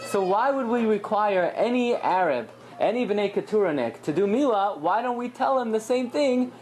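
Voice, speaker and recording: A woman teaching a lively Talmudic lesson, acting out quoted voices and asking and answering her own questions. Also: medium pitch, normal speed, slight background noise. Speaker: Torah teacher.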